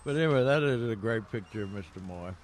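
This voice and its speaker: A man's voice: lowish voice, lively intonation, quick pace. An older man co-hosting a gardening radio show, telling rambling stories with lots of fillers and chuckles. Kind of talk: casual radio chat.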